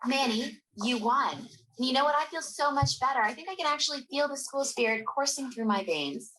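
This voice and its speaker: A woman's voice: sits high, expressive, fairly quick, sharp tone. An actress playing a sarcastic teenage girl, speaking with bitter, mocking sarcasm in a teen TV drama. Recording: distant-sounding TV clip.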